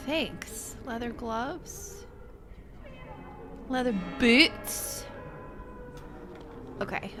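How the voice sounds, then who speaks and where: Bright chatty woman gaming streamer. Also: mid-range voice, slight background noise. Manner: chatty, rambling, laughing asides. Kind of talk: let's play commentary.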